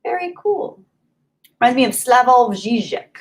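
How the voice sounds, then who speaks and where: A woman's voice: mid-range voice, very animated, normal speed, long pauses, rough recording. A young woman chatting casually on a live stream, reading out viewer donations with frequent laughs and off-the-cuff asides.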